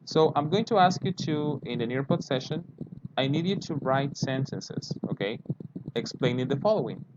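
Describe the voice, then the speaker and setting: A man's voice: medium pitch, animated, moderate pace. A man teaching an online English lesson, patiently repeating words for pronunciation and checking understanding. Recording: dull lo-fi with clear background noise.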